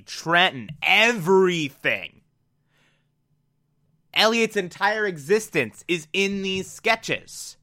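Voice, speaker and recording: Male recapper, unhurried, very bright and crisp tone, chatty and loose delivery. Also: fairly high pitch. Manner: loose, conversational with frequent "like" fillers. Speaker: TV episode recapper. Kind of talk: casual recap.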